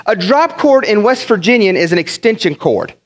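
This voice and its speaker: A pastor from the northern United States preaching a sermon, telling funny stories in an animated way and often repeating his words. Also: high voice, moderate pace. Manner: animated, humorous storytelling with many repeated words.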